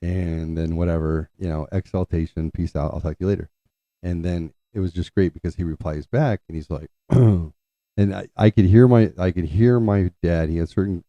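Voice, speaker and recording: A very low, dark-toned man tells a family story in a loose, meandering way, restarting sentences and clearing his throat now and then. The sound is dry and a little dull, as if recorded on modest gear. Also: no room sound. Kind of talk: casual storytelling.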